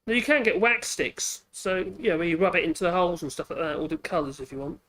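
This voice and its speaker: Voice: medium pitch, expressive, fast talker, fairly bright tone. A woodworking channel host, chatting casually while demonstrating at the workbench, thinking aloud and correcting themselves as they go.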